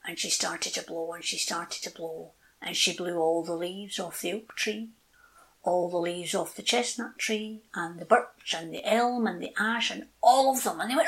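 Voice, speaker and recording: A woman's voice: fairly low pitch, normal speed, low-quality recording. A woman telling a children's folk tale, doing voices for the characters. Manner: lively storytelling with character voices. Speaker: storyteller guest.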